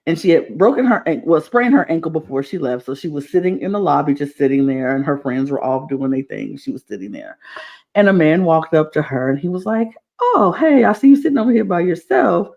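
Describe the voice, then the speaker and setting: A woman co-hosting a podcast, telling a story in a lively, chatty way and acting out the quotes. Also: deep voice, fairly quick. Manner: animated storyteller, acts out quotes. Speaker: podcast co-host. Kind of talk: casual chat.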